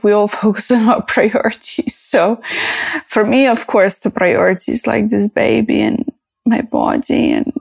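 A woman speaking slowly in a personal podcast monologue, her voice edged with vocal fry. She talks in a halting, reflective way, full of fillers and restarts, sounding emotional and close to tears. The recording is dry and close. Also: mid-range voice, darkish tone, no echo. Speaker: podcast host.

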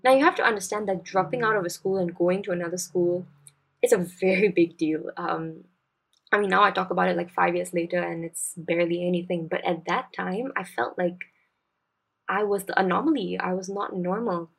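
A Singaporean woman in her twenties hosts a podcast, spinning a personal story in a chatty, confiding, slangy way. Her voice sits a little low for a woman. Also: steady tone, fairly quick, gravelly, slightly rough. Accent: Singaporean English. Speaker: podcast host.

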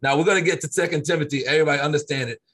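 A man in casual Bible-study conversation, reading scripture slowly and pressing his points with earnest repetition. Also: fairly high pitch, fairly bright tone, slightly rough. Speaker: co-host of a faith discussion.

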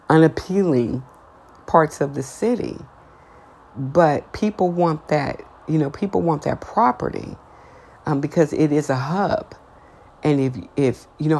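Very low, gravelly-voiced outspoken woman. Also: a little mellow. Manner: blunt and outspoken, rising in pitch when heated. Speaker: podcast host. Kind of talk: casual opinion monologue.

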